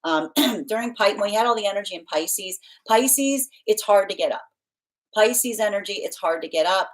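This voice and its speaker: A woman chats casually to her viewers on a live tarot stream, welcoming people by name and laughing often. She slips into a playfully stern, motherly tone when she gives advice. Her voice sits at an ordinary middle pitch for a woman. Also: normal speed, rough recording. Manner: chatty and animated, laughs often, reads out viewer comments. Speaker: tarot reader hosting a livestream. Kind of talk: casual livestream chat.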